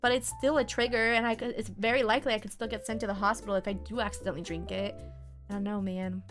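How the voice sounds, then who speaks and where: A woman's voice: medium pitch, steady tone, fast talker, a bit bright, faint music behind. A young woman chatting casually on a live stream, giggling often and answering her viewers' messages. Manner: reads and answers chat messages.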